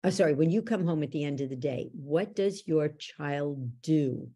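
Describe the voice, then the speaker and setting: A woman's voice: low voice, expressive, normal speed, warm tone, breathy edge. A woman who is a parenting educator, a guest on a podcast, telling stories emphatically and acting out the voices in them. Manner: emphatic storyteller, acts out voices in anecdotes. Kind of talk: conversational podcast interview.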